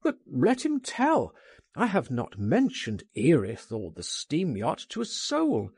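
A man's voice: a little high, wildly swooping pitch, slow, a little mellow, husky, no room sound, clean studio sound, pitched above the performer's own voice, heavily acted. A man doing an urgent, pleading friend. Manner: pleading, insistent, impatient.

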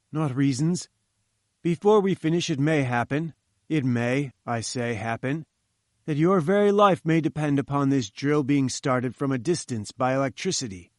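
A man's voice: medium pitch, no room sound, studio quality, lightly acted. A man reading as a haughty, imperious old scientist. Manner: commanding, dismissive, grandly emphatic. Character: imperious domineering male scientist, older, bearded. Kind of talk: audiobook character reading.

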